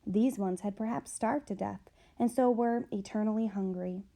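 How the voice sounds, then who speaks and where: A woman's voice: mid-range voice, normal speed, vocal fry, dark tone, natural voice. A woman telling as a dramatic campfire storyteller man. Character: boastful male storyteller recounting his scare.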